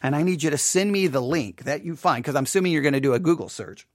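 A man hosting a solo podcast, commenting on a Bible study text in an animated, exasperated way with rising questions and asides. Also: fairly high pitch, fast talker, dry recording, clean studio sound. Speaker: podcast host.

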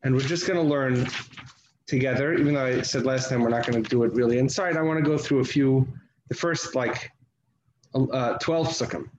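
A man teaching a slow text study. He reads Hebrew verses aloud, then translates them, often halting and restarting. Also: mid-range voice, darkish tone, highs cut off. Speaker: Torah teacher. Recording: echoey room with faint noise.

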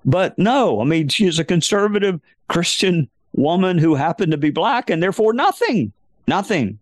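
A man's voice: high voice, sing-song, moderate pace, no echo. A middle-aged man, chatting casually as a podcast host in an emphatic, folksy, self-mocking way. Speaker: podcast host answering listener questions. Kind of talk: casual chat.

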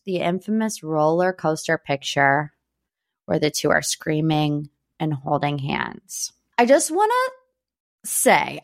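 A woman's voice: mid-range voice, fairly bright tone. Chatty young woman gossip host. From Northeast Ohio, United States. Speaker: podcast host. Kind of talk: pop culture gossip podcast.

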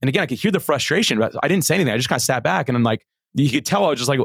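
A middle-aged man talks fast as a podcast guest, his story tumbling out with eager repeats and restarts. His voice sits at an ordinary pitch and sounds close and dry. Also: creaky, breathy edge, no room sound. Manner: animated, earnest, frequent repeated starts. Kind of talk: conversational storytelling.

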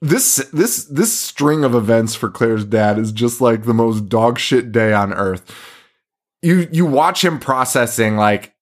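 A man co-hosting a podcast, recapping a movie in casual chat, swearing a lot, laughing and acting out scenes in quick put-on voices. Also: medium pitch, animated. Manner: profane, laughing, acts out scenes in quoted voices. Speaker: podcast co-host.

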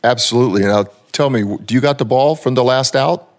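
A man in his seventies, a former ballplayer, telling relaxed anecdotes and acting out the people he quotes. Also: medium pitch, fairly quick. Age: 70s. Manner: relaxed storyteller, acts out quoted voices, frequent "you know".

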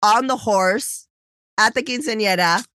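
A woman's voice: a little high, unhurried, dry recording. Chatty woman telling a story on a podcast, does little voices for people, dead dry mic. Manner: animated storytelling, acts out quoted people. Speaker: podcast co-host. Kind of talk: casual chat.

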